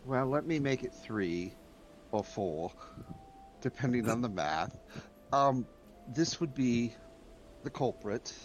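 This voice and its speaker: A man's voice: mid-range voice, expressive, slow pace, long pauses, lo-fi sound. A man playing his character at a tabletop game, polite and formal in his phrasing. His voice sits in an ordinary middle range, and a light hum of ambience runs underneath it. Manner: formal and courteous. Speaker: player. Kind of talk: in-character tabletop role-play.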